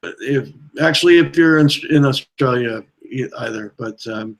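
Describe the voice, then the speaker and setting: A man answering questions at a mock press conference, deadpan and halting with many fillers. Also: mid-range voice, gravelly. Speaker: provost of a mock college.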